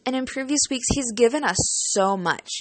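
A woman's voice: fairly high pitch, lively intonation, fairly quick, no room sound. A young adult woman, a student teaching partner, telling a casual storytime vlog. She talks in a chatty, emotional way, leaning on "like" and "you know" and swearing casually.

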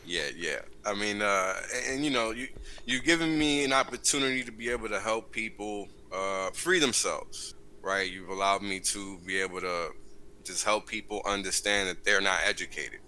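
A very low-pitched man with a tense, bright tone speaks as a livestream guest. He is earnest and sincere, and he pads his sentences with "um" and "right?". Faint noise runs underneath his voice. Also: rough recording. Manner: earnest, fills pauses with "um" and "right?". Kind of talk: casual livestream chat.

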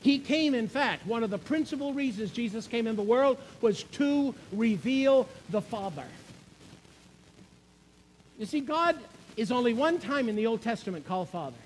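A man delivers a sermon in a very high-pitched voice. He is emphatic, repeating key phrases and asking his listeners questions. His delivery is that of a preacher teaching from the pulpit. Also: expressive, moderate pace, slight background noise, poor audio.

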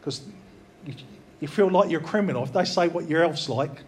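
A man's voice: a little high, brisk, a little mellow, slight background noise. A man preaching an informal, earnest sermon, talking plainly and repeating phrases for emphasis. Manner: earnest, repetitive, conversational preaching.

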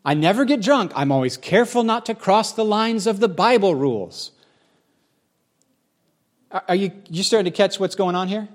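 A middle-aged pastor tells his own story from the pulpit in a candid, chatty way. His voice sits slightly high for a man, and he often restarts his sentences. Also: lively intonation, normal speed, pauses often. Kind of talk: sermon-style personal testimony.

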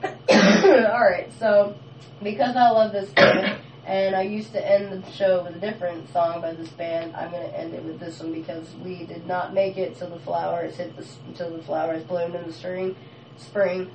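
A woman hosting a radio show in casual on-air chat, blunt and expressive and swearing freely. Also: fairly low pitch, moderate pace, noisy background. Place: small radio studio. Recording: echoey distant lo-fi radio studio.

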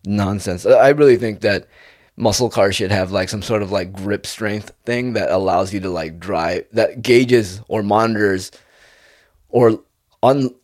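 A young man rambles through a casual monologue in a lowish voice, laid-back and loose. He tosses "dude" into nearly every thought. The sound is dry and close, with little room around it. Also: measured pace, a little mellow, no room sound. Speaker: vlogger.

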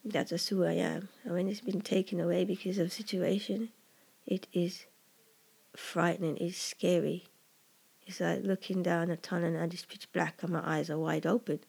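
Gravelly, husky poet musing in halting whispers. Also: medium pitch, little pitch movement, a little mellow. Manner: earnest, halting, drops into whispers. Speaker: poet discussing own poem. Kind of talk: personal reflective monologue.

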